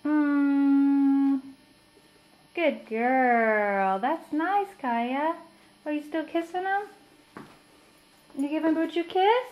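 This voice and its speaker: A woman's voice: high-pitched, very slow, pauses often, lo-fi sound. A woman talking to her toddler in a home video, with playful, sing-song, coaxing baby talk. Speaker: mother filming her toddler.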